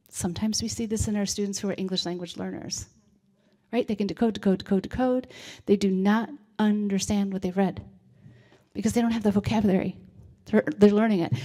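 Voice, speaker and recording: Middle-aged woman presenter, mellow warm tone, chatty, keeps asking right?. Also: mid-range voice. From United States. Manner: conversational, frequent "right?" check-ins. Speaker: literacy presenter. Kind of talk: presentation to a civic audience.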